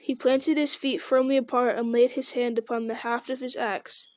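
A woman reading a fantasy novel aloud at a steady pace, with occasional slips and repeated words. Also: on the high side, normal speed, no echo. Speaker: reader.

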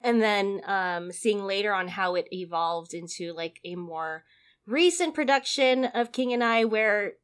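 Bubbly woman cohost, bright voice, laughy, lots of "like". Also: medium pitch, a little slow, clear, resonant tone. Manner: bubbly storyteller, laughs a lot, many "like"s. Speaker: podcast co-host. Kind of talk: casual podcast chat.

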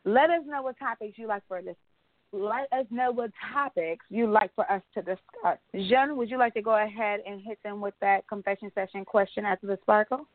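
A woman co-hosting a podcast, telling stories in casual chat, animated and laughing often. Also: medium pitch, brisk, no echo. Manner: chatty storyteller, animated retellings, frequent laughs. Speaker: podcast co-host. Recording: tinny phone-line sound.

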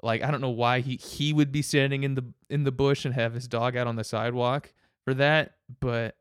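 A man's voice: medium pitch, fairly even intonation, moderate pace, smooth, no echo, clean studio sound. Rambling man in casual chat. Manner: rambling storyteller, many restarts, laughs often.

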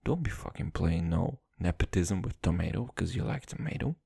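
A man's voice: low-pitched, big pitch swings, moderate pace, gravelly, hardly any pauses, dark tone, breathy edge, dry recording, clean studio sound. A young man hosting a podcast solo, telling loose, profane, jokey stories and calling himself "your boy". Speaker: podcast host. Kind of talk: rambling comedic monologue.

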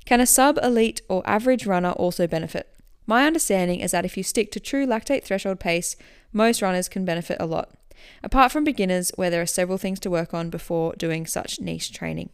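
A woman hosting a podcast, answering listener questions in a relaxed, chatty way that explains as she goes. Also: on the low side, fairly quick, hardly any pauses, clear, resonant tone. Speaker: running coach and podcast host.

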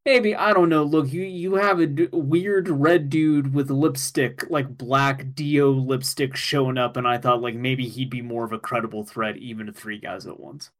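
A man co-hosting a casual podcast, recapping an anime episode in an excitable way, swearing and laughing as he goes. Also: medium pitch, normal speed, hardly any pauses.

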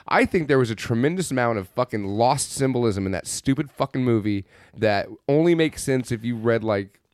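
In a fairly quick, expressive, mid-range voice, a podcast co-host mocks his way through a movie recap, swearing and joking sarcastically and imitating characters' lines. The studio-quality recording has no echo, and the talk is casual.

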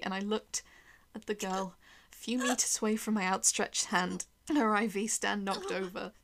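A woman's voice: medium pitch, fairly bright tone. A woman narrating a first-person horror story in a tense, dramatic way, sometimes dropping to a whisper.

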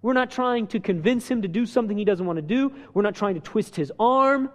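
A man preaching a sermon, animated, asking the crowd rhetorical questions and acting out quotes. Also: high voice, brisk. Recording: long hall reverb.

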